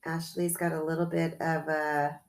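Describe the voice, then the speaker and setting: A woman's voice: sits low, flat delivery, normal speed. A woman co-hosting a casual podcast, chatty and full of "like" and "um" fillers. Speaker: podcast co-host. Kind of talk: casual chat.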